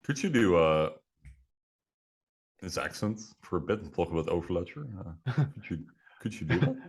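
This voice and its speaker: Deep-voiced sarcastic male co-host. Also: big pitch swings, normal speed, husky. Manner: joking, sarcastic, rambling with many fillers. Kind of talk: casual podcast chat. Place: video call. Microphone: computer mic on a video call.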